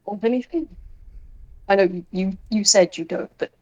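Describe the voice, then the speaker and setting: A woman voicing a kind, fatherly male toon who fusses gently with soft hesitations. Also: mid-range voice, moderate pace, highs cut off, natural voice. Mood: gentle. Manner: gentle, fussing, hesitant fillers.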